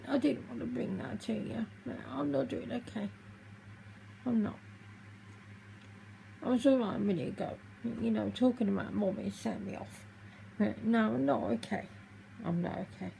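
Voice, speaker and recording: A woman vlogging to camera, tearful and halting as she speaks openly about her feelings. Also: fairly high pitch, vocal fry, warm tone, a little hiss or hum, rough recording. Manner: halting, emotional, confessional. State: tearful, crying. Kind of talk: personal vlog talking to camera.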